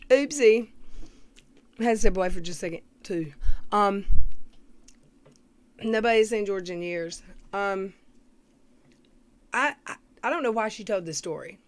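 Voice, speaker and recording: A woman, hosting a casual commentary livestream, reading viewer comments aloud and often clearing her throat. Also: mid-range voice, a little slow, long pauses. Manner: chatty, greets viewers, reads comments aloud.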